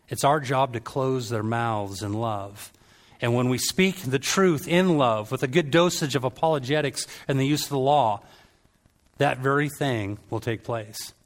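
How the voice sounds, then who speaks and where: A middle-aged man preaching a sermon, telling stories and acting out quoted voices with lively energy. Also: mid-range voice.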